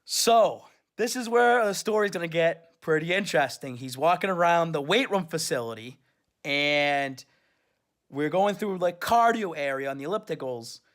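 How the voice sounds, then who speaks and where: Guy w a pretty high voice rambling thru a fan trip story, animated. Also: normal speed. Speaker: superfan vlogger. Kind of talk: casual storytelling recap.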